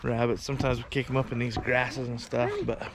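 A man's voice: mid-range voice, level tone, brisk. Guy rambling easygoing on a hunting vlog out in the sagebrush, talking to his dogs, noisy outdoor camera audio. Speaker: hunting channel host. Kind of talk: casual vlog narration. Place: open sagebrush grassland outdoors.

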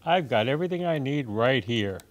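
A man voicing a cozy, kind duck who dislikes water, in a gentle, slightly raised voice. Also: mid-range voice, lively intonation, a little fast, highs cut off, close to an everyday voice. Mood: kindly.

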